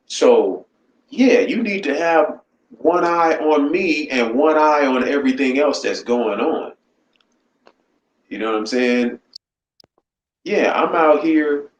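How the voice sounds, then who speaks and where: A man hosting a casual live-stream chat, blunt and profane, often asking "you know what I'm saying". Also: medium pitch. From United States. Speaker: channel host. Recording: roomy echo, faint background noise.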